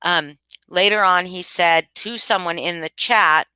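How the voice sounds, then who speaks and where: A woman's voice: fairly low pitch, a little slow, bright, forceful tone, clean tone, no room sound. A woman talking casually to her live chat, emphatic and repeating her points with many restarts. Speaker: livestream commentator. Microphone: home streaming mic.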